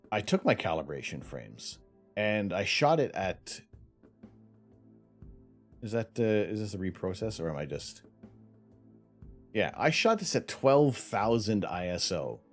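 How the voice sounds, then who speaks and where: Low-voiced canadian guy streaming, rambly, voice jumps around, faint music behind. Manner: rambling, reads out chat, lots of restarts. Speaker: livestream host. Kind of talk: casual livestream chat.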